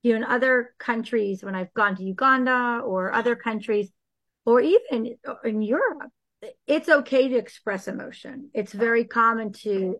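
A woman with a slightly higher voice speaks as a guest in a faith conversation about healing. She talks earnestly and with animation, often acting out the prayers she quotes. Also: normal speed, fairly bright tone.

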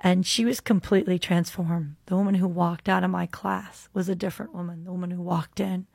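Female podcast host with a gravelly voice, telling an earnest faith testimony in a dry, close recording. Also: lowish voice, fairly even intonation, a little fast, darkish tone, no room sound. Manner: earnest, heartfelt storytelling with many "um"s. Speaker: podcast host and jail minister.

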